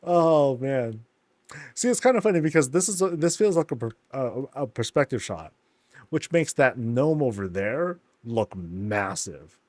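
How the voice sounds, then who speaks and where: A man giving laid-back, amused commentary while touring houses in a video game, often laughing and putting on quick silly voices. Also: mid-range voice, lively intonation, a little mellow, no room sound. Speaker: streamer touring player housing in a game.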